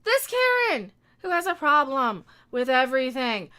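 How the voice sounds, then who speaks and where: Lady streamer ranting at a clip, real high voice, big sing-songy swings, talks back at the screen. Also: big pitch swings, measured pace, bright, forceful tone. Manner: stumbles over words. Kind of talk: live stream reaction commentary.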